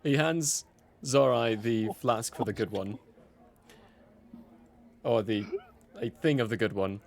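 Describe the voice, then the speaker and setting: A man's voice: medium pitch, slow pace, creaky. A man narrating as game master of a tabletop game, in a playful, easy way.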